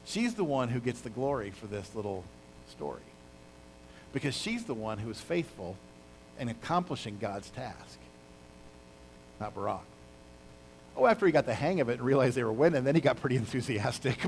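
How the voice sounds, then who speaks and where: A male pastor delivers a sermon in a casual, storytelling way, full of exclamations and asides. His voice sits in a middle pitch. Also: normal speed, pauses often, slight background noise, rough recording. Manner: animated, casual storytelling with sound effects.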